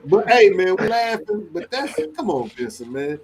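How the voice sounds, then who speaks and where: A man's voice: sits high, very animated, moderate pace, a crowd in the background. A man co-hosting a podcast who needles and argues with the others in casual chat. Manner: needling, argumentative, presses the others. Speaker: podcast co-host.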